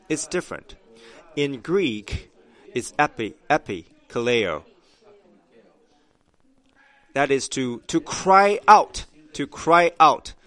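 Slow, emphatic male preacher. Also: medium pitch, animated. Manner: slow, emphatic preaching that swells to loud cries. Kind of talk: sermon.

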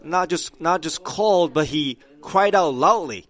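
Slow, emphatic male preacher. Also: a little high, animated, no echo. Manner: slow, emphatic preaching that swells to loud cries. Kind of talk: sermon.

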